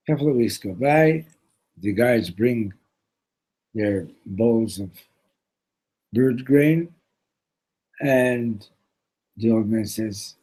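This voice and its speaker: A man's voice: mid-range voice, expressive, a little slow, long pauses, warm tone, husky, low-quality recording. A man teaching a religious lesson through a parable, loose and conversational with restarts and Hebrew terms. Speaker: Torah teacher. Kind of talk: storytelling lesson.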